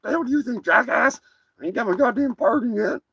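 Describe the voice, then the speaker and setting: Brief: a man putting on a high, gravelly, foul-mouthed angry turkey, shouty and testy. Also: brisk, no room sound, heavily acted. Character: foul-mouthed angry male turkey, calls humans filth.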